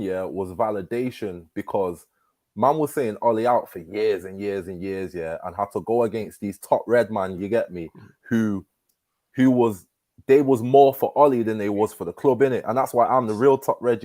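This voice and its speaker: A man's voice: fairly low pitch, moderate pace, a little mellow, no room sound. A man talking football in a casual, emphatic way, full of slang and tags like "you get me". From Manchester.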